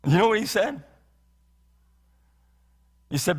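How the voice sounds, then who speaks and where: High-voiced male pastor preaching. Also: lively intonation, a little slow, a bit bright. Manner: earnest, repeats phrases and asks rhetorical questions. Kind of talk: sermon. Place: church sanctuary. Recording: long hall reverb.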